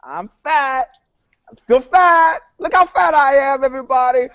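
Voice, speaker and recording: A man mockingly voicing a brash woman at a press conference, loud and self-satisfied. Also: extremely high pitch, measured pace, lo-fi sound, pitched above the performer's own voice, heavily acted.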